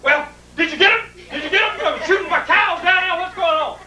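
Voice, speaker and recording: A man putting on the voice of his anxious older father, a gruff rural man who is easily alarmed, in a high, insistent tone. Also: brisk, pushed and bright, full character voice. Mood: suspicious. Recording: roomy, distant home video with faint noise.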